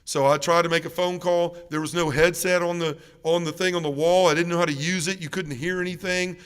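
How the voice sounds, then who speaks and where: A man with a drawl tells his testimony at a church mission in an earnest, heartfelt way, going quiet and low when the story turns heavy. His voice sits a little high and comes through smooth and resonant. The long ring of a church sanctuary trails behind each phrase. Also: fairly even intonation, fairly quick, in a large hall. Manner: earnest, emotional storytelling that drops soft and low in heavy moments. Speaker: guest speaker at a parish mission. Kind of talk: personal faith testimony.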